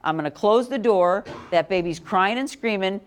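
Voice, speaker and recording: A middle-aged woman gives a parenting lesson to a classroom. She speaks directly and keeps firing questions at her students. Her voice sits at an everyday middle pitch. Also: moderate pace. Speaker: parenting educator. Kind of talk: classroom talk.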